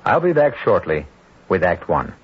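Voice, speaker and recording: A man hosting a radio mystery drama, narrating in a measured, wry, deliberate way. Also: sits low, wildly swooping pitch, background noise. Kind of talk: scripted narration. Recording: dull lo-fi old radio broadcast.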